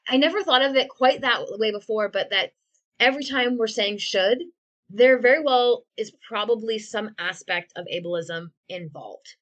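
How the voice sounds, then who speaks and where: A woman's voice: a little high, normal speed, fairly bright tone, lo-fi sound. A woman co-hosting a podcast, talking candidly and reflectively from home over a video call, with touches of wry sarcasm. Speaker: podcast co-host. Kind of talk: candid conversational podcast talk.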